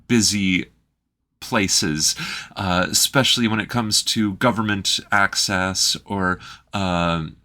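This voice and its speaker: Canadian guy on a reaction vid, kinda low voice but bright, explains stuff patiently. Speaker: reaction video host. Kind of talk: casual explanatory commentary.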